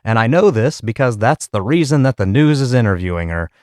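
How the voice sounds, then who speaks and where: A man's voice: medium pitch, lively intonation, brisk, darkish tone, dry recording, clean studio sound. Crude, laughing male comedy host. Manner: crude, profane, laughing often. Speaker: podcast host. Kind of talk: casual comedic commentary.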